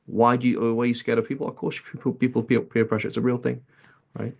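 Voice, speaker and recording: A man teaches a hadith class in a casual, chatty lecture filled with anecdotes, sprinkling in lots of "right?" and "like." He talks fast in a medium pitch with little pitch movement and some vocal fry.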